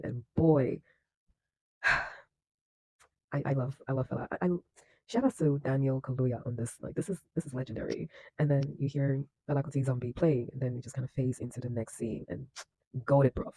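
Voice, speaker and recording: A man's voice: medium pitch, steady tone, brisk, mellow, dry recording, rough recording. A man giving casual film reaction commentary, effusive and slangy, laughing often and restarting his sentences. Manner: enthusiastic, laughs often, many fillers and restarts.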